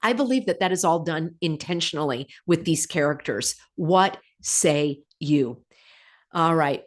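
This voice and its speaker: Sarcastic woman hosting a commentary vlog. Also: unhurried. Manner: sarcastic, full of rhetorical questions, laughing asides; animated, pitch jumping up on mocking remarks. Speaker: channel host. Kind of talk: casual commentary, reading viewer comments.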